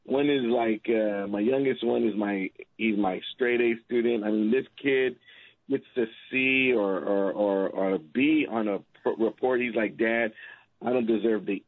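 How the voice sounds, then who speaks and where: A man's voice: fairly low pitch, steady tone, unhurried, no echo, narrow, tinny audio. A middle-aged man appearing as a guest on a talk radio show, telling rambling, laughing stories about his family and acting out their voices. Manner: rambling storyteller, laughs often, acts out family members. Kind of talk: casual talk radio chat.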